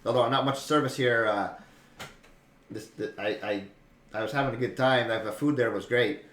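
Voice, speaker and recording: A man's voice: medium pitch, moderate pace, a bit bright, natural voice. A man voicing a chatty, nervous male halfling captive who stammers and rambles, in an echoey room. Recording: echoey room, faint noise.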